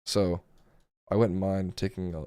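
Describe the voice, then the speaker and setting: A man with a hoarse, gravelly voice giving casual live commentary while day trading, thinking aloud over his charts. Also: deep voice, flat delivery, measured pace, dark tone, dry recording, studio quality. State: hoarse, voice going.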